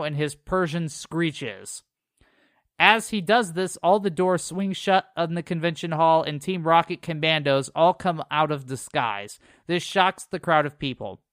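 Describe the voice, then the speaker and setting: A man's voice: on the high side, a bit bright, no room sound, clean studio sound. A man co-hosting a podcast, reading an episode summary in a casual way and dropping sarcastic asides. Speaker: podcast co-host recapping episodes.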